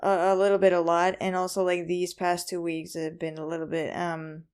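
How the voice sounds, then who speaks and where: A woman's voice: fairly low pitch, level tone, normal speed, a little mellow, clear, resonant tone. A young woman hosting a casual solo podcast, rambling with lots of ums and likes, a bit anxious and self-conscious. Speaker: podcast host.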